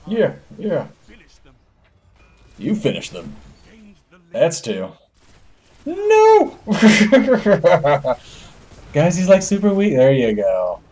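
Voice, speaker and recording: A man's voice: medium pitch, warm tone, slightly rough. A young man casually commenting on his own online match as a gaming channel host, playful and self-mocking, often exclaiming in surprise. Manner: playful, exclaims "oh my goodness", chuckles at himself.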